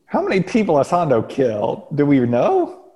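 A man co-hosting a podcast in easy, casual chat. He rambles and hedges, stopping often with fillers, and his pitch moves widely as he talks. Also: wildly swooping pitch, normal speed, dark tone. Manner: rambling, hesitant, lots of fillers. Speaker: podcast co-host.

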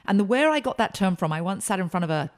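A woman consultant and speaker, telling emphatic, animated stories as a guest in a podcast interview. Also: mid-range voice, quick pace.

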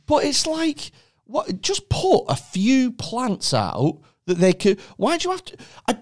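A man's voice: extremely high pitch, a little slow. A man hosting a casual chat, incredulous and sweary, telling stories with lots of expletives. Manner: incredulous, sweary, animated storytelling.

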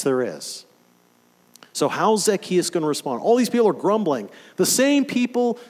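A man preaching a sermon, animated and emphatic, firing off rhetorical questions to his listeners. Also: fairly high pitch, in a large hall.

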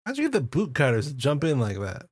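A man's voice: medium pitch, huge pitch swings, fast talker, breathy edge, dry recording, studio quality. A man playing a tabletop role-playing game, laid-back, laughing often. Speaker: player.

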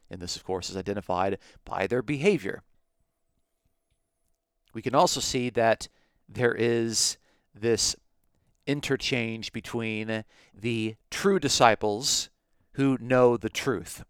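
A man with a lowish, smooth and resonant voice gives a podcast Bible lesson. He works through each point methodically, one step at a time. The sound is close and dry, with no room around it. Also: fairly bright tone, dry recording. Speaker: Bible teacher.

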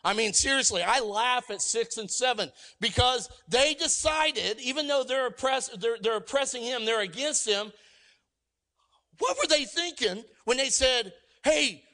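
A man preaching a sermon, energetic and emphatic, swinging from loud exclamations to quiet asides and acting out quoted lines. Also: very high voice, measured pace. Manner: acts out quoted voices and jokes with the congregation. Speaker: pastor.

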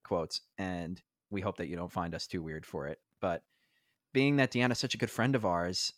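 A man's voice: deep voice, normal speed, dry recording, studio quality. A young man co-hosting a podcast, chatting in an easygoing, rambling way. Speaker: podcast co-host. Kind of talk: casual chat.

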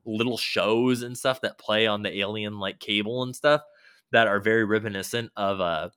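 A man's voice: fairly low pitch, steady tone, normal speed, fairly bright tone, clear, resonant tone, no echo, clean studio sound. A man casually rambling about a video game, loose and swearing now and then, with many fillers.

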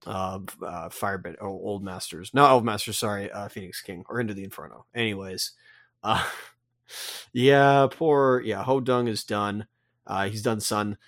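Somewhat low-voiced male co-host, jokey and quick to correct himself, dry close recording. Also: fairly bright tone, no room sound. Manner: joking, with self-corrections. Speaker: podcast co-host. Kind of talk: casual chat recapping a comic.

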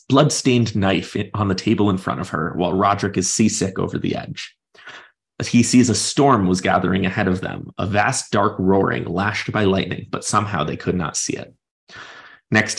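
A man's voice: on the low side, vocal fry. A man hosting a podcast, thoughtfully discussing a book and retelling its chapters at length in his own words. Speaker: podcast host.

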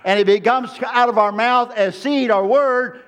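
High-voiced man preaching a sermon. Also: measured pace, fairly bright tone, clean tone. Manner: emphatic preaching with repeated phrases; calls to the congregation for amens.

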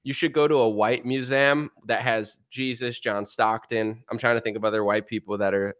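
A man's voice: medium pitch, normal speed. A man hosting a podcast, chatting casually about politics with jokes and sarcastic asides. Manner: joking, animated, sarcastic asides. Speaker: podcast host.

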